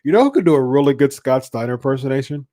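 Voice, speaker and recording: A man's voice: mid-range voice, big pitch swings, racing, dark tone, no room sound. Man, podcast host, casual live chat, laid-back, repeats phrases, dry close mic.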